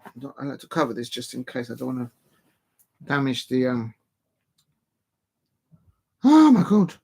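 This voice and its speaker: A man streaming a football watch-along, chatting casually and bursting into excited shouts at the match. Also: medium pitch, a little fast, creaky. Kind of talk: casual live commentary.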